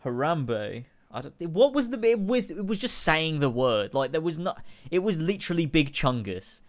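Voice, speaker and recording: Swearing podcast host, ranting. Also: male voice, fairly high pitch, big pitch swings, normal speed. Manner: ranting, swears a lot, restarts often. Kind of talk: casual podcast chat.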